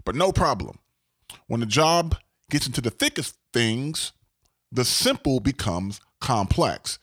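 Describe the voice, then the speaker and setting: Lively, emphatic podcast host man. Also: mid-range voice, slow, no room sound, studio quality. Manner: emphatic, keeps asking "all right?". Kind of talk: casual monologue.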